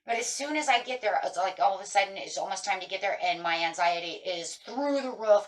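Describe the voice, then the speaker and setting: A woman's voice: mid-range voice, lively intonation, a little fast, few pauses. A middle-aged woman giving a chatty, casual tarot reading, breaking into anxious inner voices. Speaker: tarot reader.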